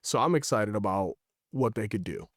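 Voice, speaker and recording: A man's voice: lowish voice, normal speed, no room sound, studio quality. Playful man hosting a review chat. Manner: playful, teasing, deadpan build-ups. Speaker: podcast host.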